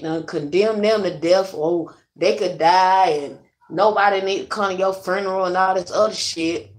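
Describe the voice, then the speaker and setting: Young woman vlogger, casual venting, blunt and profane, talks straight to viewers, mid pitch. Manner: blunt, profane, rambling storyteller; addresses viewers directly.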